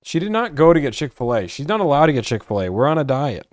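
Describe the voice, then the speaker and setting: A man's voice: a little high, sing-song, quick pace, dry recording, clean studio sound. A young man from Georgia chatting casually on a live stream about buying cars, rambling and filling his talk with "like.". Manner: rambling, full of "like" fillers.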